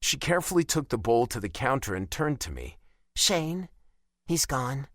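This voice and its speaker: A man's voice: medium pitch, big pitch swings, fast talker, no room sound, clean studio sound. A man reading a first-person romance audiobook and voicing the dialogue expressively. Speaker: audiobook narrator.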